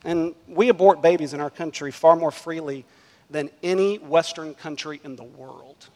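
Male pastor, slightly high voice, emphatic sermon delivery, long hall reverb. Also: moderate pace, dark tone. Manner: emphatic preaching, rising and dropping in volume.

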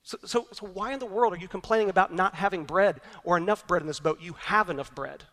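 A man's voice: sits high, fast talker, bright, forceful tone, in a large hall. A man preaching a sermon as pastor, earnest and emphatic, repeating his key points.

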